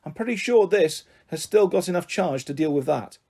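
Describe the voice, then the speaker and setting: Blunt practical girl, read by a man, mellow and a touch husky. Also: sits high, lively intonation, normal speed, exaggerated voice. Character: no-nonsense practical young girl.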